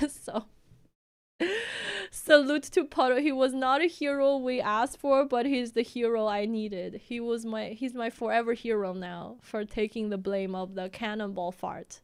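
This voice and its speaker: A woman's voice: a little high, fairly even intonation, measured pace, clean tone. A young woman from China, telling a story casually on a stream and laughing often.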